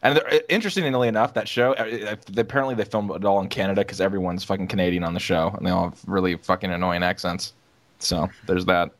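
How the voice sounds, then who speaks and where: A man's voice: low-pitched, fairly even intonation, fast talker. A man hosting a casual gaming podcast with joking, profane banter. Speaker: podcast host. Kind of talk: casual chat.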